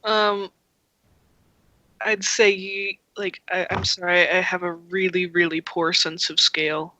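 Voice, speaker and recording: A woman running a tabletop game as game master, narrating in a chatty, halting way. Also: fairly low pitch, little pitch movement, sharp tone, no room sound, low-quality recording. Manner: chatty, hesitant with fillers.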